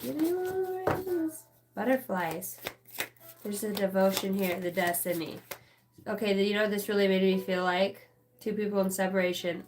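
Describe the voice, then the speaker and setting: A woman's voice: mid-range voice, level tone, fairly quick, heavy background noise. A woman in her thirties giving a casual, profane, rambling live tarot reading as a channeler. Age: 30s.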